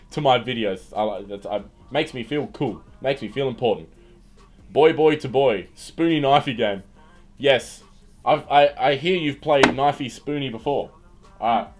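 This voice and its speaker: A man's voice: medium pitch, a little mellow. A young man with an Australian accent, hosting a livestream and chatting casually, joking and rambling with many restarts. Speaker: livestream host. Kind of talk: casual livestream chat reading viewer comments. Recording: faint music behind. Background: faint background music.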